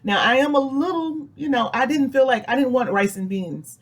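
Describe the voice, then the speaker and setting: A woman's voice: high-pitched, lively intonation, moderate pace. A woman chatting casually as she reviews food for her vlog, rambling a little and laughing often. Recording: music playing in the background.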